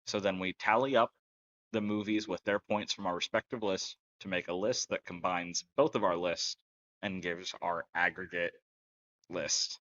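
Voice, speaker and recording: A man with a lowish voice co-hosts a laid-back podcast, walking through details patiently and slipping in deadpan jokes. The sound is close and dry with no room around it, though a bit dull and muffled. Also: normal speed, no room sound. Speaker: podcast co-host. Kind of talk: casual podcast chat.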